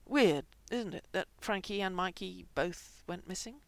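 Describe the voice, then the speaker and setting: A woman voicing a laid-back young man who talks in a flat, offhand, fake-casual way. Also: lowish voice, measured pace, vocal fry, dry recording. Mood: guarded.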